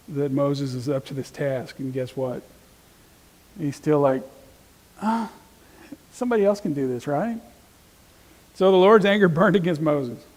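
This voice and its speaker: Guy teaching sunday bible class, kinda high voice, lots of reverb hanging in the room. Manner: conversational, reads scripture aloud with lively emphasis. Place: church classroom.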